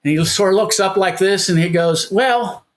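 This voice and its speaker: An older man in his seventies tells his story to an interviewer. His voice sits a little high, and he is animated, playing out both sides of the conversations he recounts. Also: fairly quick. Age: 70s. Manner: animated storyteller, acts out quoted dialogue. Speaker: guest. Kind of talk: casual storytelling.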